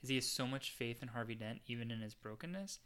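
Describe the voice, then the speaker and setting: Bright-voiced man chatting eagerly. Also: mid-range voice, fast, clean tone. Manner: enthusiastic, heavy use of "like". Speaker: podcast co-host. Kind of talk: casual chat.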